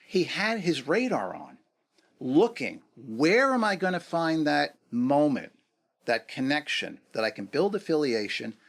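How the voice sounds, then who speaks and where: A middle-aged man from New York, a guest in an interview, telling negotiation stories in a casual, animated way and asking rhetorical questions. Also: medium pitch.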